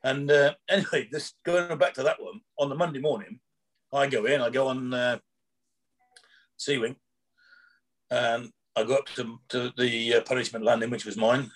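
A man's voice: medium pitch, fairly even intonation, normal speed. A man, a former prison officer, telling rambling anecdotes in casual chat, acting out quoted dialogue with chuckles.

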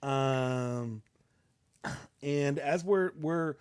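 A man's voice: mid-range voice, extremely slow, a little mellow, clear, resonant tone, no echo, clean studio sound. Rambling young man telling a story. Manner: rambling, many fillers and restarts. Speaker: co-host. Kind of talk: casual storytelling.

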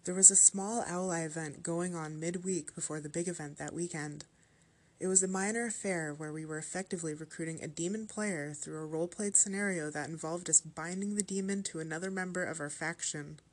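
Low-voiced woman reading a horror story. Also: steady tone, fairly quick. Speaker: story narrator.

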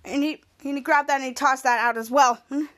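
High-voiced woman recapping a TV episode. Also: fairly even intonation, a little fast, a bit bright. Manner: retells scenes step by step, acting out characters' lines; rambling, with frequent restarts. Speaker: podcast host.

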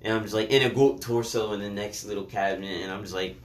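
A man's voice: fairly low pitch, steady tone, fast, distant mic. A young man in casual chat with friends, telling a rambling anecdote and acting out the quotes. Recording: echoey room.

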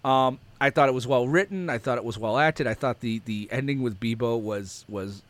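A man's voice: mid-range voice, normal speed. A man co-hosting a casual podcast, jokey and rambling, laughing often. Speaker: podcast co-host. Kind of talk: casual chat.

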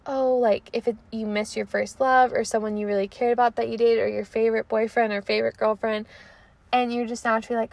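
A woman's voice: on the high side, little pitch movement, brisk, creaky, darkish tone, dry recording. A young woman in her twenties hosting a podcast, chatting casually and animatedly, with lots of "like" and unfinished thoughts. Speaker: podcast host. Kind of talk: casual chat.

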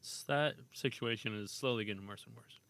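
Low-voiced male podcast co-host. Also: a little fast, fairly bright tone, no echo. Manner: short wry agreeing remarks. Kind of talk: casual hockey news chat.

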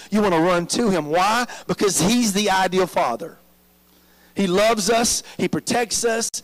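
A man's voice: sits high, low-quality recording. A man preaching a sermon as pastor, drawing the congregation in with frequent "amen?" prompts.

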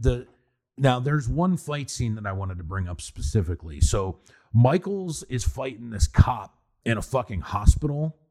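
A man co-hosting a podcast, talking casually and swearing as he reviews a movie, with frequent laughs and restarts. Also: medium pitch. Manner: animated, swearing, laughing, restarts mid-sentence. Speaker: podcast co-host.

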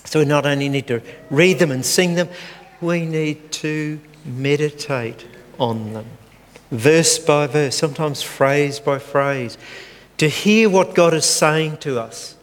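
An older man preaching a sermon, slow and earnest as he reads scripture aloud. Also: a little high. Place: church hall. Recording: long church hall reverb, faint room noise.

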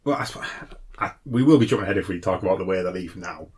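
A man from Northeast England co-hosting a book podcast, measured and reflective, sometimes reading passages aloud. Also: low voice, expressive, darkish tone. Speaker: podcast co-host. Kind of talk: casual book-discussion chat.

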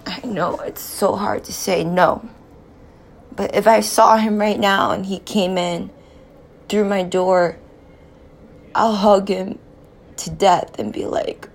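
A woman speaking slowly in an emotional personal monologue, grieving and tearful, often dropping to a near whisper. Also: mid-range voice, fairly even intonation, vocal fry. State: tearful, in grief.

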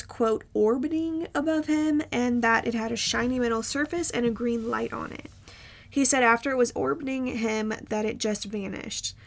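Podcast co-host, woman, fairly high pitch with vocal fry, loose rambling storyteller. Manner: rambling with frequent ums and restarts. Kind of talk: casual storytelling chat.

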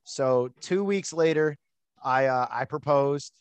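A man's voice: medium pitch, slow, clear, resonant tone, dry recording. A man hosting a podcast, telling a personal story in an outgoing, chatty way with plenty of fillers. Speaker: podcast host. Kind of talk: casual storytelling chat.

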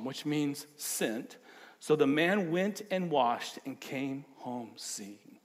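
A man preaching a sermon as a pastor, with dynamic delivery that drops low and rises into emphatic bursts. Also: lively intonation, slow pace.

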